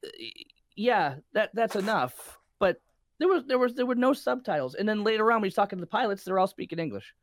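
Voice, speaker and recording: Animated man chatting about movies. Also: high voice, brisk, dry recording. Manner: animated, questioning, jokey. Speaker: podcast co-host. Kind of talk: casual movie review chat.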